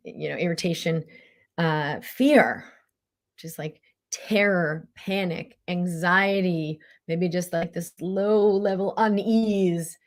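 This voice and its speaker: A middle-aged woman hosting a casual motivational talk as a mind-body coach, lively and acting out inner voices. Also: a little slow. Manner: animated, acts out inner voices in a high pitch.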